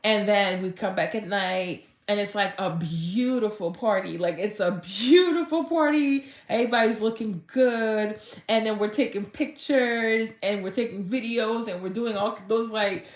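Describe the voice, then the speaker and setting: Woman fitness vlogger just chatting, gushy and excitable, says like a lot, mid pitch, echoey room. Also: moderate pace. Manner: gushing and chatty, heavy use of "like", and bursts of excitement. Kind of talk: casual motivational vlog talk.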